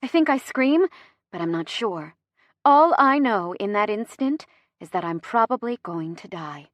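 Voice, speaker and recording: A woman giving an expressive, dramatic first-person reading of a romance audiobook. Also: medium pitch, a little slow, dry recording. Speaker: audiobook narrator.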